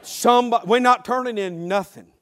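A man's voice: very high-pitched, a little fast. A man preaching a sermon as pastor, emphatic, repetitive and humorous.

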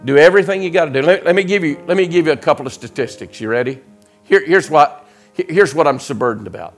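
A middle-aged man preaching an impassioned sermon in a church, swinging between loud shouts and quiet, close asides. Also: a little high, fast, soft background music. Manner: preaching with rising shouts and sudden drops to quiet. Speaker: guest preacher. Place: church sanctuary.

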